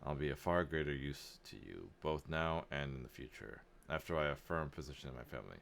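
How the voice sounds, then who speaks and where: Male streamer reading a polite, ambitious young noble heir; plain low voice, persuasive. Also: animated, brisk, creaky, fairly bright tone, exaggerated voice. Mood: courteous. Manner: courteous, persuasive.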